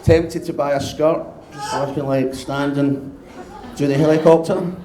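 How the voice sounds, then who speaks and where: A Scottish man in his fifties doing a live stand-up routine, brash, sweary and loud as he banters with the crowd. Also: a little high, steady tone, measured pace. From Scotland. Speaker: stand-up comedian. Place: live comedy venue. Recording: echoey live venue sound.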